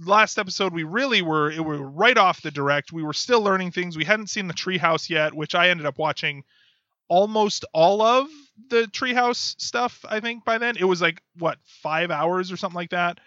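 Male podcast host, bright tone, dull lo-fi sound. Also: high-pitched, normal speed, no echo. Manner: chatty, leads the conversation. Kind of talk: casual podcast chat. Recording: dry, dull lo-fi audio.

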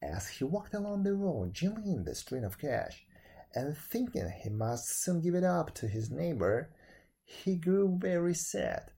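A man reading a folk tale aloud as narrator, with dramatic, expressive delivery. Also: on the high side, measured pace, creaky, slightly rough.

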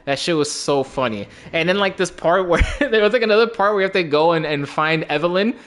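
A man's voice: high-pitched, animated, a little fast, a bit bright. A young man in casual chat about video games, laid-back, swearing freely and repeating words as he talks.

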